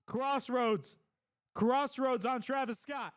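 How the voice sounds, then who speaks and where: Excitable high-voiced man reacting live. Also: measured pace. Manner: excitable, blurts exclamations and shouts at big moments; casual, swears freely. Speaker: live stream host. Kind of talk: live wrestling reaction stream.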